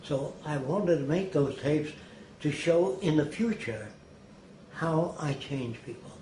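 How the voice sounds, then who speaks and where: A man's voice: on the high side, animated, slow pace, dark tone. An older man being interviewed, telling anecdotes emphatically and acting out the people he quotes. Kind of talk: anecdotal storytelling. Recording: roomy echo, faint noise.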